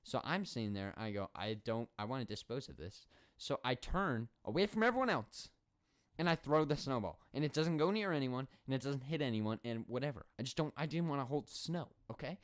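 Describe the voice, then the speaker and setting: A twenty-year-old man hosting a solo podcast, telling school stories in an animated, rambling, sarcastic way. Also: mid-range voice, fairly quick. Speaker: podcast host.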